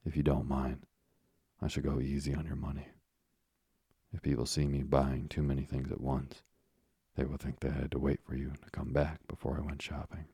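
Gentle frugal old father, man reading, cautious, husky, gravelly. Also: a bass voice, completely flat delivery, normal speed, no room sound, clean studio sound, exaggerated voice.

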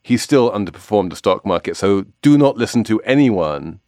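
A man's voice: fairly low pitch, animated, moderate pace, a little mellow, no room sound, studio quality. A man hosting a podcast in casual chat, explaining things with confident asides. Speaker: podcast host.

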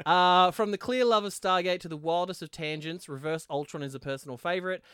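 Casual podcast co-host, man, slightly high voice, dry close sound, jokey and quick to laugh. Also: fairly bright tone, clean tone, no room sound. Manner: jokey, laughs often, trails off into tangents. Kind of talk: casual podcast banter, reading listener mail.

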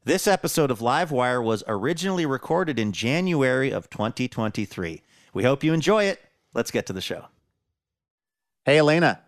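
A man's voice: mid-range voice, big pitch swings, fairly quick. A man hosting a public radio show, bantering with his announcer and reading ads. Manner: upbeat, bantering.

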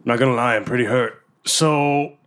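A man playing a tabletop game as a guest, slow-spoken and laughing often. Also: medium pitch, a bit bright. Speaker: guest player. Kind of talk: casual tabletop play.

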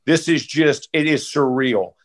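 A man's voice: medium pitch, measured pace. Former football guy, 40s, easygoing, says bro a lot, kinda emotional. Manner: laid-back, peppers talk with "bro" and "dude"; heartfelt, close to tears. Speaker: guest, former football player. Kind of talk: casual podcast storytelling.

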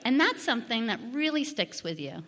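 A woman telling a comic personal story on stage, animated and acting out the people she quotes. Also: fairly high pitch, brisk, background noise.

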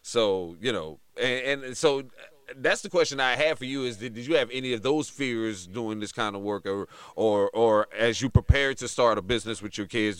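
A middle-aged man telling a story on a podcast in a casual, animated way, slipping into other voices to act out quotes. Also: lowish voice, clear, resonant tone, no echo. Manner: animated, mimics voices in quotes, laughs often. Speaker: podcast co-host.

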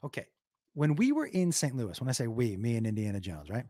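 Fairly fast and mid-pitched, the man speaks on a clean studio recording with no room sound. A comedic streamer reading chat, he tells stories in a relaxed way while cursing often, staying animated, and making goofy noises.

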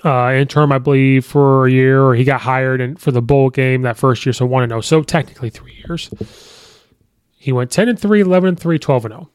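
A man's voice: mid-range voice, darkish tone, smooth, no room sound, clean studio sound. A man hosting a sports podcast, chatting casually and thinking aloud with frequent fillers as he weighs coaching records. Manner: conversational, thinks aloud with ums and you-knows. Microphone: podcast microphone.

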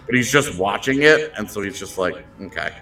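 A fairly low-voiced man co-hosting a casual sports podcast. He talks in an animated, rambling way, tripping over his words and restarting often. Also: fairly quick, faint music behind. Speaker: podcast co-host.

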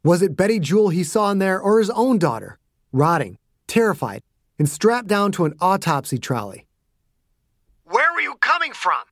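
A man's voice: sits high, big pitch swings, moderate pace, no room sound, studio quality. A man narrating his own fiction as a scripted audiobook with dramatic delivery. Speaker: author and narrator.

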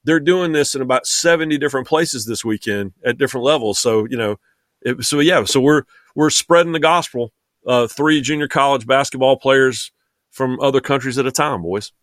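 A man's voice: medium pitch, normal speed, a bit bright, dry recording. A man chatting as a guest on a sports podcast, rambling with many restarts and fillers. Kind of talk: casual chat.

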